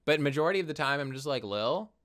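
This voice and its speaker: A young man co-hosting a podcast in casual chat, animated and quick to laugh, swearing casually. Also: on the high side, clear, resonant tone. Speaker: podcast co-host.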